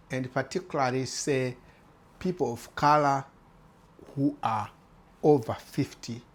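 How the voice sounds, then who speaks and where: A man's voice: medium pitch, slightly rough. A man, likely in his fifties, talking straight to the camera as a channel host, earnest and urging, often repeating his phrases. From former British colony. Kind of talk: direct-to-camera talk.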